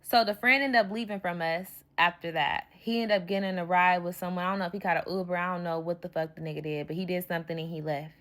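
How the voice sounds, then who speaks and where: A young woman telling a story in a vlog, heated and profane, full of "like" and quick asides. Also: on the low side, steady tone, a bit bright.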